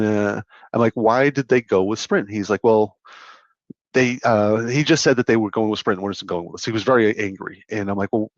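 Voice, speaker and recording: Rambling man with a low voice. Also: no echo, muffled recording. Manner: rambling, repeats words, acts out dialogue. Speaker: podcast co-host, sales manager. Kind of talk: casual podcast chat, telling stories.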